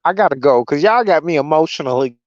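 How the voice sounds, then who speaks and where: A man's voice: on the high side, animated, quick pace, no echo. A man joining a casual live chat as a guest over a call, emotional and slangy, laughing a lot. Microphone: remote call audio. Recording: dull lo-fi call audio.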